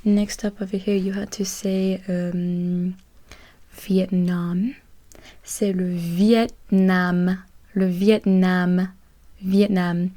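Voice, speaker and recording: A woman in a whispered role-play as a gentle French tutor, her tone dark and mellow. She keeps a level, unvarying pitch as she moves between soft whispers and hushed speech. She switches between English and French and repeats each word slowly. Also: flat delivery.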